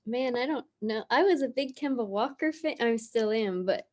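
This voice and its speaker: A woman interviewer giving brief, relaxed replies from off-mic. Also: a little high, normal speed. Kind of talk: casual chat.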